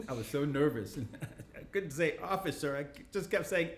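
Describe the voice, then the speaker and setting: A man's voice: fairly high pitch, a little slow, pauses often, fairly bright tone. A man, a fiddler, telling a playful story between tunes at a live session and laughing often. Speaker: fiddler and performer. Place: small historic listening room. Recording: roomy live room with faint noise.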